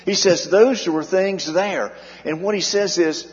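A pastor delivering an earnest sermon, his fairly high male voice swelling and dropping to drive points home. The sound is dull and muffled. A long reverb trails his words through the church hall. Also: a little slow. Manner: earnest preaching, rising and dropping in volume for emphasis. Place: church sanctuary.

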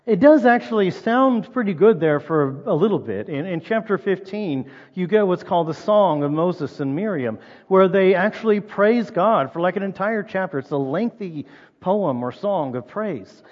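A man preaching a sermon in a relaxed, conversational way, asking the listeners rhetorical questions. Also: high-pitched, moderate pace. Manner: conversational, reads scripture aloud, asks rhetorical questions. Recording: reverberant dull-sounding hall.

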